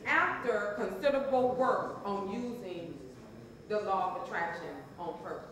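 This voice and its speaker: A woman's voice: mid-range voice, normal speed, crowd noise. A woman speaking as a transformational coach to a live audience, calling for responses and repeating phrases for emphasis. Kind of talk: motivational seminar talk to a live audience. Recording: very echoey hall.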